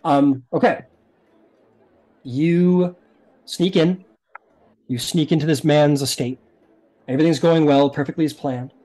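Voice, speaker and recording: A man's voice: on the high side, steady tone, unhurried, long pauses, dark tone. A man narrating as game master of a tabletop game in a casual, explanatory, rambling way.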